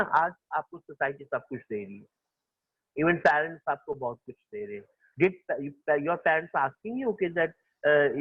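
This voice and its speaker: A man with an Indian accent and a fairly high, breathy voice teaches a school class, moving between English and Hindi and repeating key phrases. The lecture sounds phone-quality, with no echo.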